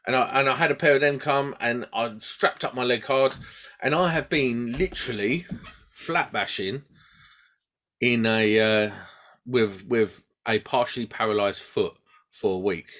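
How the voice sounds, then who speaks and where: A podcast host, speaking unhurriedly in a mid-range voice, tells a story during a casual chat on the show he co-hosts. He's animated, takes on the voices of people he quotes, and laughs at himself.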